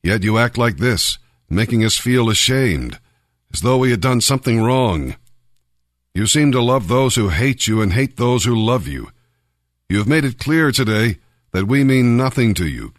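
A man's voice: mid-range voice, animated, moderate pace, dry recording, clean studio sound, close to an everyday voice. Joab, a man reading as a stern commander. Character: stern male army commander Joab, blunt.

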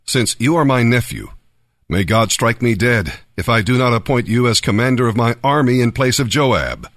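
A man's voice: mid-range voice, expressive, moderate pace, fairly bright tone, no echo, studio quality, natural voice. A man reading scripture aloud, voicing a king who speaks with authority and grants pardon. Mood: earnest. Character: forgiving triumphant middle-aged king.

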